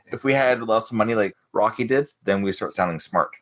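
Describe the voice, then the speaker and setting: A man's voice: fairly low pitch, a little fast, a bit bright. A man from Canada co-hosting a film podcast, chatting casually with wry, joking asides. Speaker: podcast co-host. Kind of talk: casual chat.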